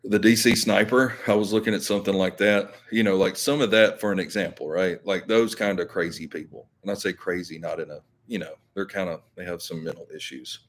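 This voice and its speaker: Man, deep voice, casual live chat, rambling, lots of fillers. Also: fairly even intonation, brisk, hardly any pauses. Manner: rambling, filler-heavy, self-correcting. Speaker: YouTube channel host.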